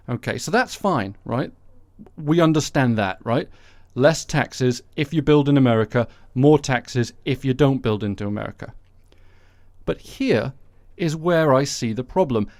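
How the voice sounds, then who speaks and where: A man's voice: medium pitch, darkish tone, no echo. A man hosting a casual solo podcast, talking in a sarcastic, joking way. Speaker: podcast host.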